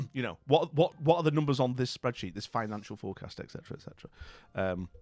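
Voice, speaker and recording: A man's voice: mid-range voice, animated, fast, darkish tone, no echo. A man chatting with his stream viewers, friendly and rambling, with lots of fillers and restarts. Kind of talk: casual chat.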